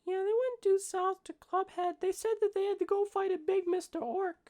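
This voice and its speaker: A woman's voice: very high voice, steady tone, darkish tone, voice pushed up. Woman doing a timid little halfling boy. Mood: innocent. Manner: slow, hesitant, childlike answers. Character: timid young halfling boy, simple and trusting.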